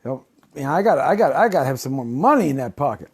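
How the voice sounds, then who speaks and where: A show host, a man of middle pitch, talks loosely and plugs sponsors like a salesman. He repeats himself often and stumbles through restarts as he goes. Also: big pitch swings, racing, breathy edge. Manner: rambling, repetitive, salesman-like.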